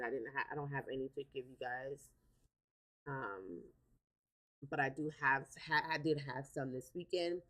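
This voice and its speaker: A woman with a low, deep speaking voice talks casually to her live-stream audience. She rambles warmly, repeats herself, and leans on fillers as she goes. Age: adult with a daughter. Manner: chatty, repeats words, many fillers. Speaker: livestream host.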